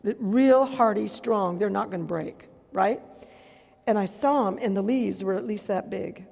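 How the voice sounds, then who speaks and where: A middle-aged woman preacher tells a testimony in an animated way. She acts out voices and gasps as she tells it. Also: medium pitch, a little slow, creaky. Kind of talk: testimony sermon. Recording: long hall reverb.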